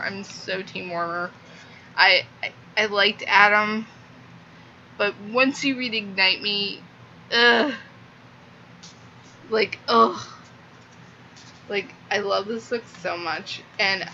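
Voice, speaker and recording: A woman's voice: mid-range voice, sharp tone, lo-fi sound, a little hiss or hum. Gushing young woman book vlogger. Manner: gushing, rambling, many "like" fillers. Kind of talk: casual book review vlog.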